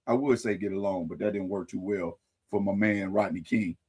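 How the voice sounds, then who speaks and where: A man hosting a live-stream commentary show, talking casually to his viewers with animated delivery, folksy sayings and wry asides. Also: on the low side, a little fast, husky. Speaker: host.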